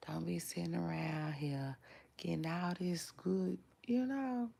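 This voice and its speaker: Low-pitched lady talking slow and quiet at home, chill gossip chat. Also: gravelly, husky. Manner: hushed, keeps voice down to not wake others; chatty, drawn-out slang phrasing. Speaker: gossip channel host. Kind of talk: casual chat to viewers.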